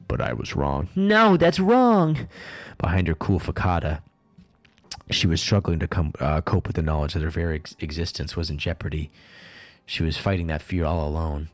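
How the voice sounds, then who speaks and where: A man's voice: very deep voice, dry recording. A man streaming a game, reading its dialogue aloud and breaking off into crude joking asides. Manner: reads lines flatly, then breaks off into crude joking asides. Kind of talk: casual game playthrough with read-aloud dialogue.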